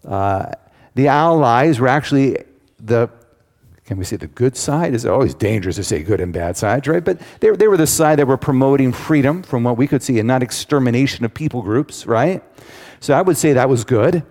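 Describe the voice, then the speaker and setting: A man's voice: mid-range voice, animated, moderate pace, darkish tone. Man teaching in an echoing hall. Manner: conversational, asides to the audience. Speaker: pastor teaching a Bible study. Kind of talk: sermon-style Bible teaching. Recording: long hall reverb.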